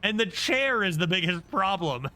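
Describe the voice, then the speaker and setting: A man streaming a video game, commenting casually in an excitable, self-mocking way. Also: on the high side. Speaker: gaming streamer. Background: game music.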